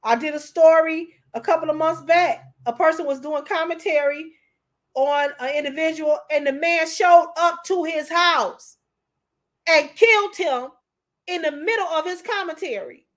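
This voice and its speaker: Emotional, preachy high-voiced woman. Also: normal speed. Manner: preachy, repeats herself, calls listeners honey. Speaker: commentator. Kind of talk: emotional commentary.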